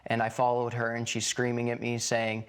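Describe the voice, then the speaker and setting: Halting male plaintiff recounting events. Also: medium pitch, completely flat delivery, clean tone. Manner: halting storytelling with many fillers. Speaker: plaintiff in a court case. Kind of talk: courtroom testimony. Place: courtroom set.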